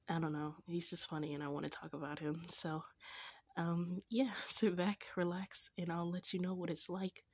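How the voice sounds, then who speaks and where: A woman's voice: lowish voice, darkish tone, breathy edge. A young woman vlogging in a casual, confessional way, gushing and giggly, with a slangy manner. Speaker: faith vlogger.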